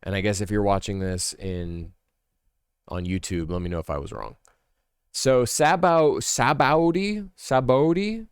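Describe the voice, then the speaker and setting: A man's voice: low-pitched, animated, normal speed, pauses often, clear, resonant tone, no echo, studio quality. A man chatting casually as a streamer, rambling and thinking aloud, often correcting himself mid-sentence. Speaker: streamer ranking a series. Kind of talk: casual chat.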